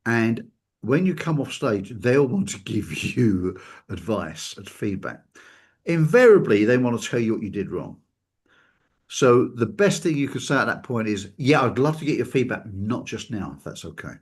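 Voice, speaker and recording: Husky-voiced male host, animated storyteller who acts out quotes. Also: fairly low pitch, normal speed. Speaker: talk show host. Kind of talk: casual chat.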